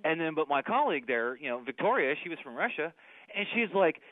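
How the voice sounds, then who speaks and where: A man's voice: fairly high pitch, very animated, quick pace, no room sound. A man in his thirties calling in to a radio show, talking in a rambling way full of fillers and restarts. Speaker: caller. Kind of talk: rambling phone-in call. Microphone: telephone. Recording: tinny phone line, dry.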